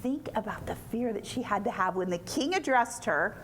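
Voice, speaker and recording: A woman speaker at a retreat giving informal Bible teaching in a lively, colloquial storytelling manner. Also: fairly high pitch, moderate pace, slight background noise.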